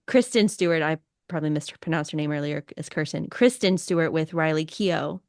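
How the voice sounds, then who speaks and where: A woman's voice: deep voice, fairly quick, darkish tone, no room sound. Young woman podcast cohost, rambly casual chat, dry close mic. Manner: chatty, rambling, with restarts and laughs. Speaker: podcast co-host.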